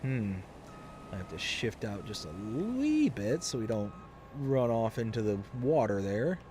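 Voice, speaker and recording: A young adult man chatting casually on a live game stream, rambling in a relaxed, fond way with lots of fillers. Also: lowish voice, measured pace, noisy background. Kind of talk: casual live-stream chat while playing.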